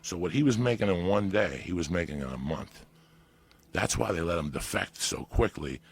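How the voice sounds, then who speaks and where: New man, storyteller, very low gravelly voice, rough and husky, profane and animated. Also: normal speed. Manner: animated, profane storytelling with bursts of loud emphasis. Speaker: podcast guest. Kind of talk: storytelling in casual chat.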